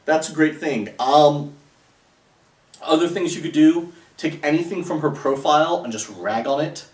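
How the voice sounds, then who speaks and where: A man's voice: fairly high pitch, moderate pace. A man giving casual dating advice in a sarcastic, rambling way, with many fillers. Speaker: dating coach. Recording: echoey room, voice a bit far from the mic.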